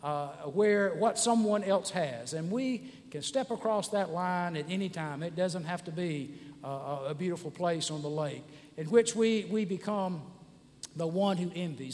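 High-voiced pastor in a reverberant church. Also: male voice, unhurried, a little mellow. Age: 60s. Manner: conversational, frequent "uh" fillers and restarts. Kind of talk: sermon. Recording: church hall with long reverb.

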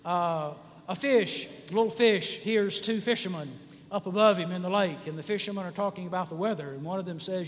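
Man, 60s, pastor giving a sermon, high-pitched, rambling and filler-heavy, in a church with long reverb. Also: fairly quick. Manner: conversational, frequent "uh" fillers and restarts.

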